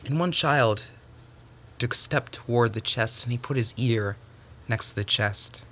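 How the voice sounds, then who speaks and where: A man telling a folktale aloud, animated, with stumbling restarts and sudden hushes. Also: medium pitch, a little slow. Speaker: storyteller.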